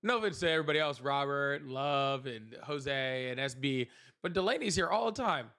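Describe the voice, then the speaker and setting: A man's voice: medium pitch, lively intonation, normal speed, bright, forceful tone. A young man hosting a casual livestream, chatting with viewers, thanking them and laughing often. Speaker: livestream host.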